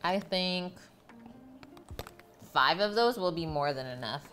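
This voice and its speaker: A woman's voice: lowish voice, expressive, slow, pauses often, a bit bright, a little hiss or hum. A woman cooking on a live stream, chatting with viewers and coaxing her pets in a sing-song voice. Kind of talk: casual chat while cooking.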